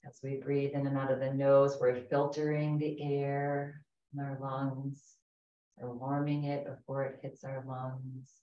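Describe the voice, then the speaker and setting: A woman instructor leading a chair yoga class, calm and gentle, giving slow breathing cues. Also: extremely low pitch. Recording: echoey, distant, dull room recording.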